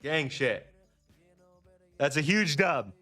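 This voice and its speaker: A man's voice: fairly high pitch, animated, slow, pushed and bright, soft background music. A man hosting a casual trading livestream, talking upbeat and chatty to his viewers.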